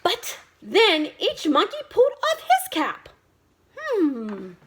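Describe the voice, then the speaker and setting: A woman teacher reads a children's storybook aloud in a high, very lively voice. She takes her time, slowly and expressively. She pauses for drama and asks her young listeners questions. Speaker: teacher reading stories to children.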